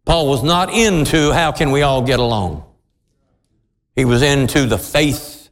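A male preacher delivers a sermon in slow, deliberate phrases, his pitch swinging widely as he presses each point. His voice sits a little high and carries a long reverb from the church hall around him. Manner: slow, emphatic preaching that climbs to shouting.

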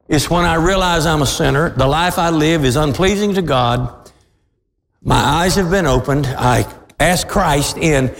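Booming old-fashioned male preacher, reverberant hall. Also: measured pace, slight background noise. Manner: shouting, swinging between booming and low. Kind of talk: fiery sermon.

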